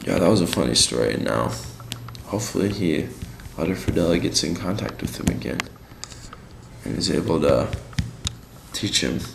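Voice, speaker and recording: A man's voice: deep voice, animated, moderate pace, vocal fry, pauses often, roomy sound, noisy background. A young man on a mission, telling his week in a casual, slangy video diary. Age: young adult. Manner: laid-back and slangy, many fillers.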